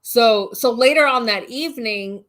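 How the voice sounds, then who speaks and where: A woman's voice: a little high, takes it slowly. Laughing woman telling a story. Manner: animated, laughs through the story. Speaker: channel co-host. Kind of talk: casual livestream storytelling.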